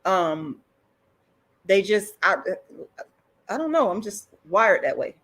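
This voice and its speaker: A woman's voice: mid-range voice, very animated, slow, a bit bright. A middle-aged woman ranting on a live stream, blunt and profane, repeating herself when worked up. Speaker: online commentator. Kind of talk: livestream rant.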